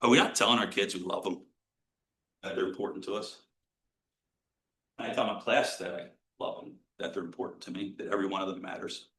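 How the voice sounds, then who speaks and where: Earnest American man lecturing, bright voice. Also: sits low, steady tone, brisk, long pauses, a little hiss or hum, rough recording. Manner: blunt, earnest, swears casually, swings from loud to hushed. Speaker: positive psychology professor. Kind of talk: motivational lecture to students.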